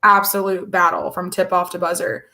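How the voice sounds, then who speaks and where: A woman's voice: on the low side, flat delivery, normal speed, pushed and bright. A woman co-hosting a casual sports podcast, chatty and rambling with lots of fillers. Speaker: podcast co-host.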